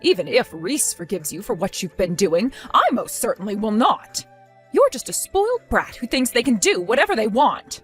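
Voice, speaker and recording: A woman's voice: mid-range voice, very animated, moderate pace, husky, faint music behind. A woman voicing a harsh, accusing middle-aged mother-in-law in a text-story drama, cutting and contemptuous. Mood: scolding.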